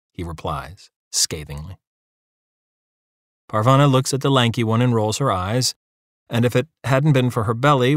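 A man's voice: mid-range voice, no echo. Dry, close-miked male audiobook narrator. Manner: measured, dry storytelling. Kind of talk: scripted narration.

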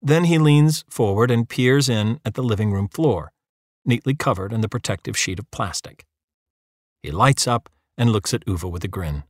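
A man reading narration for an audiobook in a measured storytelling manner. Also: fairly low pitch, lively intonation, no echo, studio quality. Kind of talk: scripted narration.

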